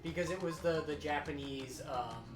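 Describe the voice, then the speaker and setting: A speaker with a mid-range voice chats over a video game, explaining trivia and often trailing off mid-thought. The voice sits in a roomy, echoing space. Game music plays clearly underneath. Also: mid-range voice, moderate pace. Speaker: let's play co-host. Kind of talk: casual gaming chat.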